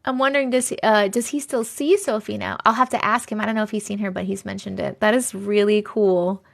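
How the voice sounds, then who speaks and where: A woman's voice: medium pitch, fairly even intonation, a little fast, creaky. A woman hosting a livestream, chatting casually and reading viewer stories aloud, chatty and effusive as she reacts to the chat.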